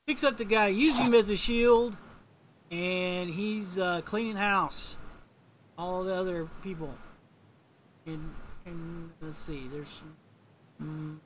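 A man's voice: sits high, fairly even intonation, slow pace, pauses often, fairly bright tone, a little hiss or hum. A man giving casual, joking commentary as he narrates a video game and reads its lines aloud.

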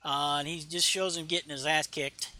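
Bright-voiced man rambling through a recap. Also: a little high, little pitch movement, normal speed, slight background noise. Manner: rambling, many fillers, reads dialogue aloud. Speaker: podcast host reading a comic aloud. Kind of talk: casual comic book recap. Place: home.

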